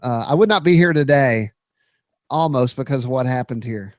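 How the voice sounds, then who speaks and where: A man, hosting a podcast and telling a story with lots of energy, shouting out sound effects and quoted lines. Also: mid-range voice, animated, normal speed, no room sound. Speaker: podcast host.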